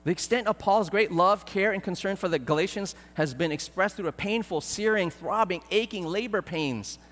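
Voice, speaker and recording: Earnest high-voiced pastor in a hall. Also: male voice, normal speed, fairly bright tone. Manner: earnest, pleading, with repeated words and fillers. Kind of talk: sermon.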